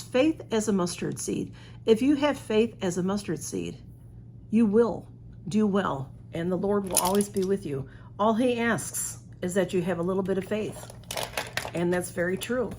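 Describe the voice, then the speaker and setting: Woman, unboxing vlogger, gushing, flustered, chatty, somewhat high voice, faint background noise.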